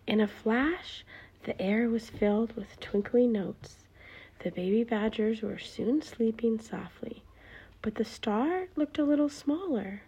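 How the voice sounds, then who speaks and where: A woman reading a bedtime story aloud in a hushed, often whispering voice. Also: mid-range voice, measured pace, husky.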